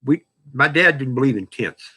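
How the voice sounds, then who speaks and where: A man in his sixties with a drawl talks through a casual livestream, folksy and rambling as he answers viewers' chat messages. His voice is bright and forceful, pitched in an ordinary middle range. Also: expressive, moderate pace, husky. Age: 60s. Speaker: livestream host.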